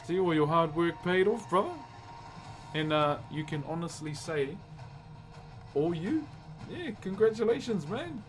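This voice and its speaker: A relaxed man with a New Zealand accent chats with his stream audience while he carves, calling everyone bro. His voice sits a little higher than most men's. Music plays clearly in the background. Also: unhurried, long pauses, low-quality recording. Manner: laid-back, calls everyone bro. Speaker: wood carver live-streaming. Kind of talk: casual live-stream chat with viewers. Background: music playing.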